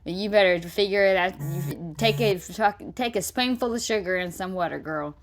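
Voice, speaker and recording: A woman's voice: mid-range voice, normal speed. A woman gives off-the-cuff reaction commentary over a clip. She is blunt and sarcastic and swears freely. A faint hiss of background noise sits behind her voice. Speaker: reaction streamer.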